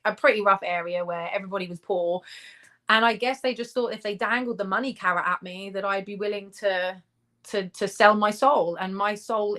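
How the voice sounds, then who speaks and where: A woman with an English accent talks candidly as an interview guest. Her voice sits at a middle pitch, and her chatty manner is broken up by frequent laughter. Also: fairly bright tone. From England. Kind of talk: casual interview chat. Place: remote call in the United States.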